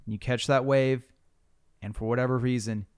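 Man, podcast host, smooth clear voice, casual storytelling, swears freely. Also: mid-range voice, fairly even intonation, normal speed. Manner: storytelling, swearing, builds suspense.

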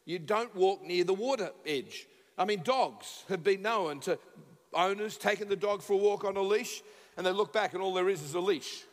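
An Australian man preaching as a guest speaker, telling funny stories and acting out the dialogue with sudden shouts. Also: high-pitched, moderate pace, big-room sound. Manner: animated, acts out dialogue, bursts into shouts. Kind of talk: humorous sermon storytelling. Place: church sanctuary.

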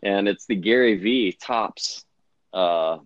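A man's voice: lowish voice, slow, dry recording, lo-fi sound. A man co-hosting a podcast in casual, jokey chat, swearing freely. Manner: profane, jokey. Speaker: podcast co-host.

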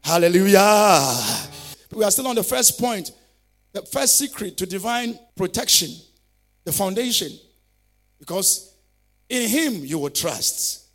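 A man's voice: high voice, lively intonation, a little slow, pauses often, a bit bright. A male pastor preaching a fervent sermon, calling on listeners to repeat declarations after him.

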